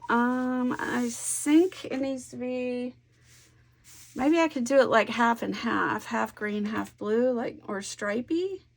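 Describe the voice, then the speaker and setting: Chatty woman with a gravelly edge. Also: on the high side, takes it slowly. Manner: chatty, warm storytelling with soft asides. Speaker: scrapbooking vlogger. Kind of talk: casual chat while crafting.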